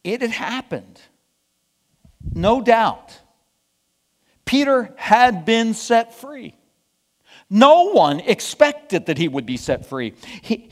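A male preacher telling a scripture story in a sermon, deliberate and emphatic, asking rhetorical questions. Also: high-pitched, big-room sound.

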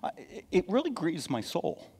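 A middle-aged man, a pastor, preaching a sermon with dramatic swings from hushed to loud and folksy asides. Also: a little high, huge pitch swings, moderate pace, husky. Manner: folksy asides and repeated okays. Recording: long hall reverb from a church sanctuary.

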